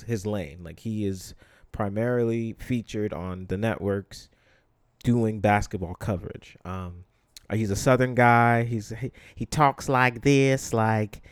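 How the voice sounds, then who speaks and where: A man's voice: fairly low pitch, dry recording, clean studio sound. A man from the Bronx, New York, hosting a solo podcast in a conversational, blunt way, full of ums and you-knows. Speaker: podcast host. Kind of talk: casual solo podcast commentary.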